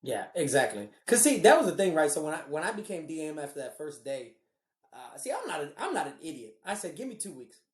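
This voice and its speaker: Animated, swearing woman in an echoey room. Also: low-pitched, a little fast. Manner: animated, swears freely, acts out quoted dialogue. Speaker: podcast co-host. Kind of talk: casual storytelling chat.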